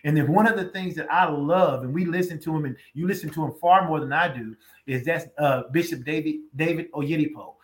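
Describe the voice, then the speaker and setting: High-voiced emphatic male pastor. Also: a little fast, few pauses. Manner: emphatic, repeating lines for weight. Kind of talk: conversational sermon.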